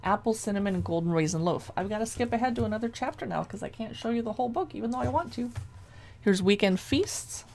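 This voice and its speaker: Woman gushing over a cookbook at home, raspy fry, reads out recipe names. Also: on the high side, fast talker, a little mellow, slight background noise. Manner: chatty, gushing, reads dish names aloud. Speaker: cookbook reviewer. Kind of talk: casual cookbook flip-through.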